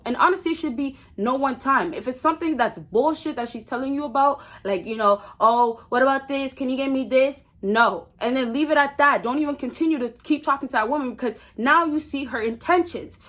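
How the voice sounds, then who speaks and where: Young woman, vlogger, fairly high voice, blunt, emphatic, casual advice monologue. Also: fairly bright tone. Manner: blunt, emphatic, repeats key phrases.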